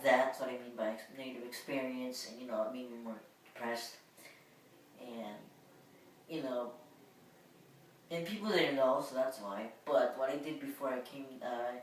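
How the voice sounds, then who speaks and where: A woman vlogger with a very deep voice tells a personal story, rambling casually and using plenty of filler words. She's far from the mic in a very echoey room, with a faint hum underneath.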